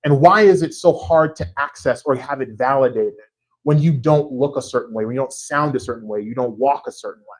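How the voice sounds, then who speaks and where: Animated male author telling stories. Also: medium pitch, fairly quick, rough recording. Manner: animated, anecdotal, with a frequent tag question asking the audience to agree. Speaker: author discussing his book. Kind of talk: storytelling conversation before a live audience. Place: church event space.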